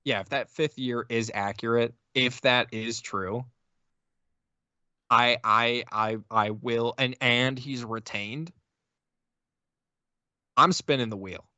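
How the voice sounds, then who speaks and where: Guy venting on a sports podcast, middle pitch, dry close sound, keeps restarting sentences. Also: fairly even intonation, takes it slowly, long pauses, sharp tone, no echo, lo-fi sound. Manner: exasperated, stammering restarts. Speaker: podcast co-host. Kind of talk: casual sports podcast chat.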